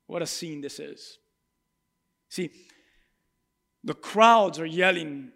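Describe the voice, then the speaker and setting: High-pitched, impassioned male preacher. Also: takes it slowly, pauses often. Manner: impassioned, swings from loud cries to hushed tones; acts out crowd cries and speaks in Jesus' voice. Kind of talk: sermon.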